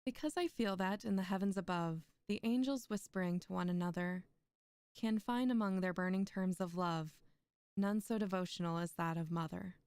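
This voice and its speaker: Young woman reading poems on stream, chatty and laughy between them, smooth clear voice, dry close mic. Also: fairly low pitch, normal speed, darkish tone, dry recording. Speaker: streamer reading poetry aloud. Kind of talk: poetry reading with casual chat asides.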